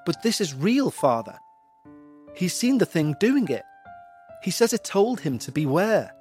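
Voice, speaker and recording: A man's voice: sits high, very animated, a little slow, darkish tone, soft background music. A man voicing an anxious, pleading mother who insists and stammers as she tries to be believed. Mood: insistent. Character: anxious pleading mother, middle-aged woman.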